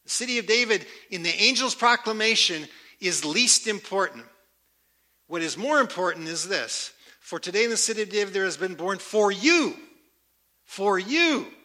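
A man preaching a sermon, emphatic and repeating key words with slow, deliberate stress. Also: high voice, expressive, bright, forceful tone. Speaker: pastor.

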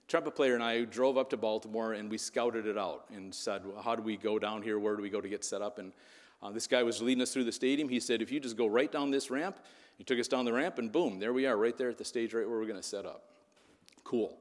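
A man's voice: medium pitch, in a large hall. A man preaching a sermon in a conversational way, telling a story and checking in with "right?". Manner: conversational, frequent "right?" asides. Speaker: pastor.

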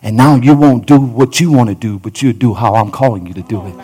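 A man's voice: mid-range voice, brisk, mellow, slightly rough. A male pastor preaching a fervent sermon in a church, repeating phrases and talking straight to the congregation. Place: church sanctuary.

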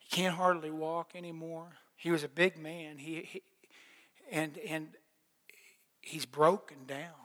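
A middle-aged man with a slightly high, somewhat bright voice delivers a plainspoken sermon. He tells his own story with folksy repetitions and small laughs, and a long hall reverb carries his words.

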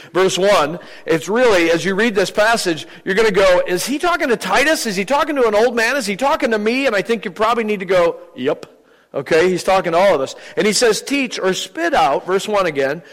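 An older man delivering a sermon, chatty and wry, acting out small stories as he goes. His voice sits a bit high for a man, and it hangs in the long reverb of a church hall. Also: a bit bright. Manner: humorous, conversational preaching with acted-out anecdotes. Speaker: visiting preacher. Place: church sanctuary.

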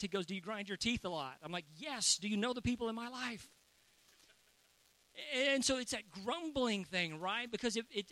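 High, bright pastor preaching. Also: male voice, no echo. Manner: conversational and joking with the congregation. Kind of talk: sermon.

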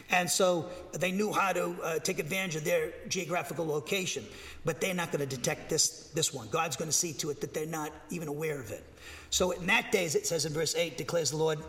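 High-voiced man teaching scripture in a hall. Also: fairly bright tone. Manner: reads scripture aloud then explains it, with fillers and restarts. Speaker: pastor. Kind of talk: verse-by-verse Bible teaching.

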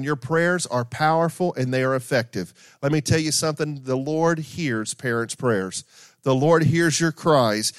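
A man's voice: fairly high pitch, no echo, clean studio sound. A middle-aged man preaching a sermon in a conversational way, with asides, repetition and everyday stories. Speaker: pastor.

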